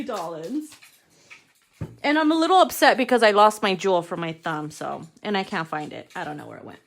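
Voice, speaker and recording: A woman giving a casual tarot card reading to her viewers. She talks frankly and playfully, swears freely and calls her listeners darling. She slows down whenever she reads a card's text aloud. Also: mid-range voice, slight background noise.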